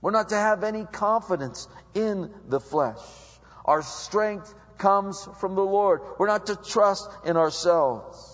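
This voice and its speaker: A man preaching a sermon, reading scripture and explaining it, casually acting out how listeners might answer. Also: slow pace. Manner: conversational preaching, acts out listeners' voices with big pitch swings. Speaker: pastor. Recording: muffled recording with long hall reverb.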